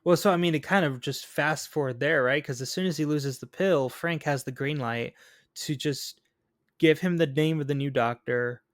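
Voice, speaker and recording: A podcast co-host with a fairly high voice chats casually at a moderate pace about a film, animatedly acting out its lines. The recording is dry and studio quality.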